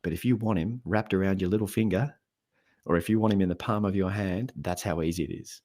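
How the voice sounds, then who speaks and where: Deep, husky-voiced man; lively podcast guest who plays out dialogue. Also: brisk. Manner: animated storyteller, acts out quoted voices. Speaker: podcast guest, habits coach. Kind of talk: casual podcast conversation.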